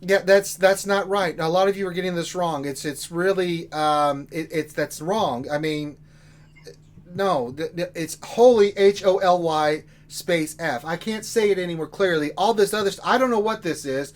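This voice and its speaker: A rowdy man hosts a game livestream, joking and talking straight to the people in chat. His voice sits a little high for a man. The talk is loose and casual. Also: normal speed. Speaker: livestream co-host.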